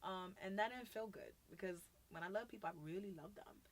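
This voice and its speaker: A woman with a New York accent in her thirties, talking casually as a podcast guest, animated and acting out quoted voices. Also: mid-range voice, a little fast, slight background noise. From United States. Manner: animated, acts out quoted voices, laughs often. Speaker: podcast guest, youth mentor. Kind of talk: casual conversation.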